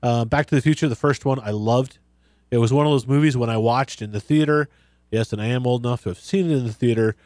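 A man's voice: medium pitch, fast, darkish tone, no echo. A middle-aged man hosting a casual group chat, teasing and playful. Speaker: podcast host.

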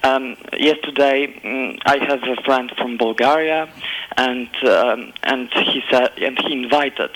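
A man from Poland with a Polish accent, chatting as a guest in halting English full of fillers and little laughs. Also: mid-range voice, a bit bright, slight background noise, rough recording. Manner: hesitant, halting with many fillers, laughs often. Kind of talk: casual chat.

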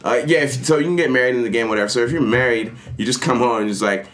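A man chatting casually about a video game, telling stories with lively energy and acting out characters in funny voices. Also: medium pitch, rapid-fire, hardly any pauses. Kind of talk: casual gaming chat.

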